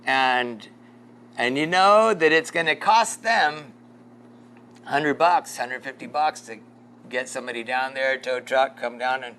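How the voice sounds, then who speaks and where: A pastor leading a casual Bible study, rambling through a story with lots of fillers and chuckles. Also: male voice, mid-range voice, fairly bright tone, slight background noise.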